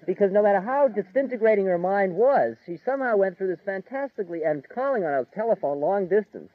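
Chatty spiritual teacher, tinny dry tape. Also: male voice, high voice, lively intonation, fast, no echo. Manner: conversational, chuckling, lots of "like" and "you know". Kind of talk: informal spiritual lecture. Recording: tinny narrow-band dry recording.

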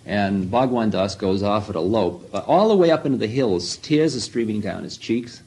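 A man's voice: medium pitch, moderate pace, darkish tone, breathy edge, low-quality recording. A man telling a rambling first-person story, full of asides and self-mocking remarks.

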